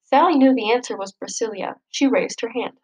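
Woman reading a picture book, lively. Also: on the high side, fairly quick, slightly rough, rough recording. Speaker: storybook reader. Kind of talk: children's story read-aloud.

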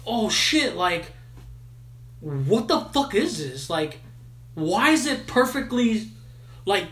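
Man doing a startled ape-man, slangy and swearing, high yelps, roomy echo. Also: sing-song, takes it slowly, fairly bright tone, full character voice. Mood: baffled. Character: startled loud-mouthed male ape-man.

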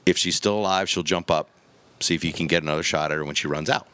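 A man's voice: a bass voice, fairly even intonation, fast, sharp tone, clean tone. A man on a podcast telling a long story in casual chat, acting out the quotes and the gunshots as he goes.

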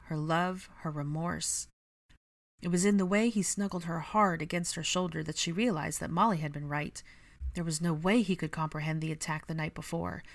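A woman narrating a story in a gentle, even storytelling manner. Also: on the low side, dry recording. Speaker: reader. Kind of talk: audiobook narration of fan fiction.

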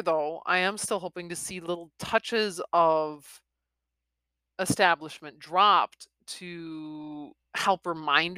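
A woman reviewing a western novel, chatting excitedly and reading chapters aloud. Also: on the low side, dry recording. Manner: chatty and excitable, with restarts and exclamations. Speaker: book reviewer.

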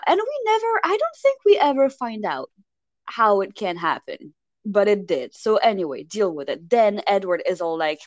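A woman chatting casually, recapping a film with exasperated, animated storytelling and mocking voices. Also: medium pitch, normal speed, dry recording, dull audio. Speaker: podcast co-host recapping a film. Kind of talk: casual chat.

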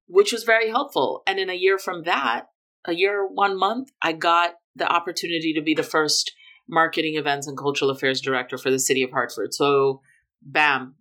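A middle-aged woman from Jamaica, a guest telling her story in a relaxed interview, with emphatic lifts on key words. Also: sits low. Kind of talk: casual conversational interview.

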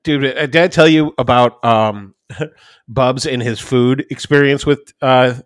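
Speaking in a mid-range voice with a steady tone and a slightly slow pace, a man in his thirties co-hosting a podcast shares a family story and imitates his children's voices. The studio recording is clean and dry.

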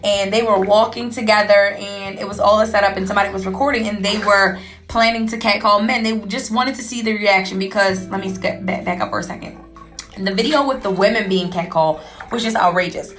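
A young adult woman hosting her own show, candidly recounting a personal story in a casual, animated way with lots of fillers. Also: medium pitch, a little fast. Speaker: podcast host.

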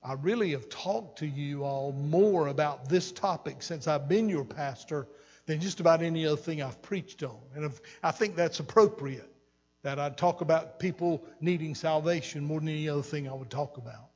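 Older man, earnest repeating sermon, husky, echoey church hall. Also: fairly high pitch, moderate pace, darkish tone, muffled recording. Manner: earnest, repeats phrases for emphasis. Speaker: pastor. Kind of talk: sermon teaching. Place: church sanctuary.

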